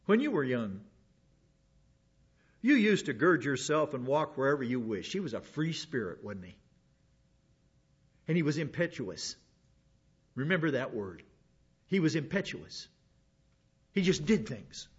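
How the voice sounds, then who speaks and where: A pastor teaches through a Bible passage in a folksy, casual way, drifting into personal stories and restarting his sentences. His medium-pitched, slightly rough voice is very animated but a little slow, with long pauses. The recording sounds dull and lo-fi.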